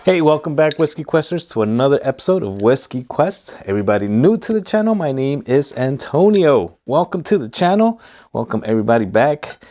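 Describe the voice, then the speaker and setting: A man with a Hispanic American accent hosting a casual whiskey review vlog, talking in a relaxed, rambling way with many fillers. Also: mid-range voice, a little fast. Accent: Hispanic American English. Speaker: whiskey reviewer, channel host.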